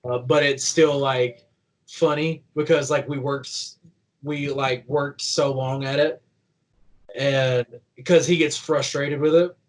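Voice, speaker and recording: A young professional wrestler from Kentucky, speaking with a light country twang, rambles through stories as a guest in a casual interview, peppering them with "like" and laughing as he talks. His medium-pitched voice stays fairly even and moves at a slow pace. The recording is rough.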